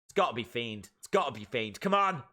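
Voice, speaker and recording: A man hosting a live reaction stream, chatting casually and excitedly to his viewers as he thinks out loud. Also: mid-range voice, a little fast.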